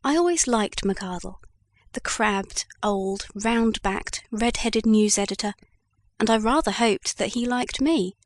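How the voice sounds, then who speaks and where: Brief: female audiobook narrator, mid-pitched, measured, close dry recording. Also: dry recording. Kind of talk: scripted narration.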